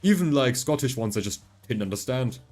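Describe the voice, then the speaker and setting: A man's voice: mid-range voice, expressive, a little fast, a little mellow. A man speaking English as a second language chats casually on a game stream in a mid-range voice. He rambles and thinks aloud, with plenty of "like" and "you know". Faint game music sits underneath. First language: not English. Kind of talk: casual gaming stream chat.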